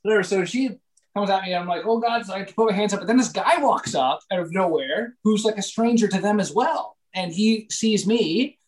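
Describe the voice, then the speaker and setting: A young man, a comedian from Canada, telling a story in casual podcast chat, animated and full of swearing and fillers. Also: sits high, a little fast, rough recording.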